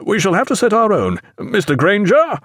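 A man's voice: fairly high pitch, huge pitch swings, fairly quick, no echo, studio quality, heavily acted. A man voicing a jovial, bluff naval captain from the age of sail in an audiobook. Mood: hearty. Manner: bluff, hearty, nautical talk.

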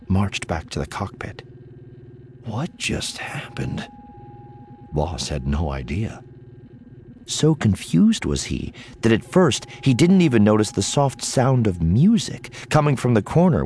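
A man with a deep voice narrates an audiobook in a measured, expressive way. He takes his time and lets his pitch rise and fall freely. A faint noise sits under the recording. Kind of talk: scripted narration.

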